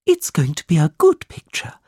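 A man voicing a cheerful older woman painter in a storybook, raised well above his usual pitch. Husky, dry recording. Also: huge pitch swings, moderate pace, a little mellow, no echo, exaggerated voice. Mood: fond.

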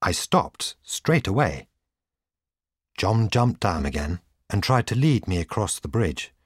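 Slow, husky-voiced male storyteller. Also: fairly low pitch, sing-song, no room sound, clean studio sound. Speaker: audiobook reader. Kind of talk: scripted storybook narration.

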